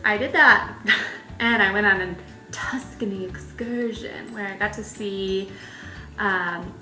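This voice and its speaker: A woman's voice: mid-range voice, slow pace, pushed and bright. A young woman telling travel stories in a casual, chatty vlog, laughing often. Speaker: travel vlogger. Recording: echoey room with faint music.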